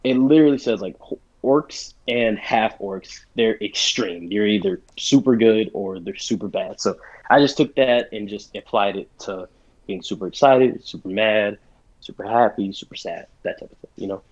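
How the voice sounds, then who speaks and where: A man co-hosting a casual podcast, an excitable, rambling storyteller full of fillers who runs tabletop games. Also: fairly low pitch, moderate pace. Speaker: podcast co-host and game master. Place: bedroom or basement at home. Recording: lo-fi home recording.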